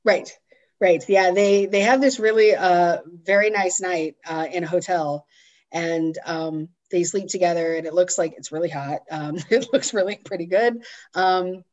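A woman's voice: fairly low pitch, fairly even intonation, measured pace, a little mellow, lo-fi sound. A woman co-hosting a podcast, chatting casually and rambling a little while recapping a film. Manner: chatty, rambling, uses many fillers. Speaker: podcast co-host.

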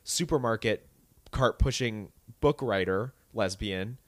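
A man's voice: fairly low pitch, slow pace, no room sound. A man co-hosting a podcast, chatting casually and ranting with indignation. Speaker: podcast co-host. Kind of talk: casual chat.

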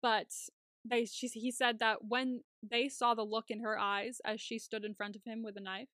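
A woman co-hosting a podcast, giving a casual, animated recap of a TV episode and acting out scenes with laughs. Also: a little high, moderate pace, dry recording, studio quality. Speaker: podcast co-host.

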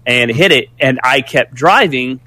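Guy ranting a story, lots of swearing, voice bouncing all over, bright and sharp. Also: mid-range voice, a little slow. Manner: animated, profane, rambling with restarts. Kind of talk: casual storytelling.

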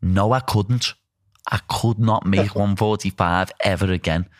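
A man's voice: lowish voice, steady tone, unhurried, no room sound, clean studio sound. A young man, a pro fighter, chatting bluntly and casually about cutting weight. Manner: rambling, blunt, laughing. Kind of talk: casual chat.

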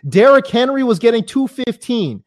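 A man guesting on a sports podcast as a broadcaster, teasing and animated in casual chat. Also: extremely high pitch. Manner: animated, teasing, quick to laugh.

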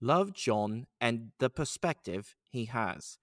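A man putting on an English accent to read a listener's review aloud, measured and deliberate in delivery. The voice sits at an ordinary male pitch and comes across dry and close, with almost no room sound. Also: animated, dry recording. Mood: mock-posh. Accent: English, put on.

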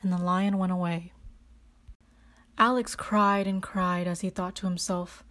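A woman reading a children's storybook aloud as narrator, calm and even. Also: fairly low pitch, measured pace.

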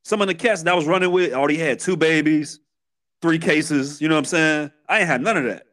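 Brisk and a bit bright, with a fairly high pitch, this voice belongs to a thirty-something podcast guest from Chicago, USA. He tells his life story frankly and with street smarts in a Chicago accent, often starting sentences over.

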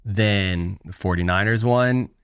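A man with a lowish voice co-hosts a casual sports chat, dry and close on the mic. He tells his stories with mounting energy, his pitch climbing when something annoys him. The room adds no echo. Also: slow, clean tone. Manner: animated storyteller, rising pitch when worked up. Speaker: podcast co-host.

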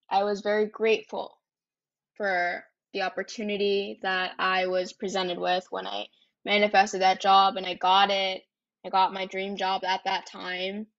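Over dull audio, a young woman in her twenties with a mid-range voice hosts a podcast and shares a personal story. She's candid and chatty, cursing freely and ending lines with "like" and "right?"

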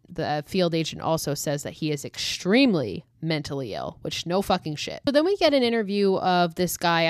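A young woman talks through a horror film in a blunt, profane, casual way. Her voice sits low in pitch, and the recording is dry and close, with no room sound. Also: no room sound. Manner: blunt, profane, emotionally reactive. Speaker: commentator recapping a true-crime horror film. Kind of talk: casual recap monologue.

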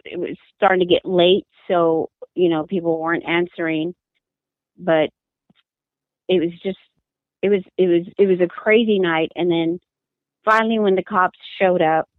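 Woman, grieving mother in an interview, halting and repetitive, lowish voice, dry tinny phone line. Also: fairly even intonation, dry recording. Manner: halting, repeats words, distressed. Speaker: mother of a missing daughter, interviewee. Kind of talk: emotional interview account.

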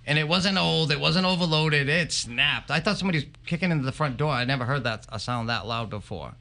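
Bright-voiced man telling ghost stories. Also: fairly high pitch, quick pace, creaky. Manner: animated, emphatic storyteller. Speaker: paranormal investigator guest. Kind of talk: live podcast interview, storytelling.

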